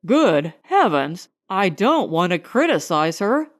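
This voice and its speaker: A woman reading an audiobook voices a genial young gentleman with an easygoing, hearty manner. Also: on the low side, big pitch swings, slow, pitched below the performer's own voice.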